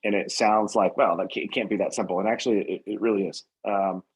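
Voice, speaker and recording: A man's voice: on the low side, fairly even intonation, fast, slightly rough, low-quality recording. A man who owns a painting company, talking earnestly in a casual podcast interview, rambling with many fillers and restarts. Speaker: painting company owner, guest.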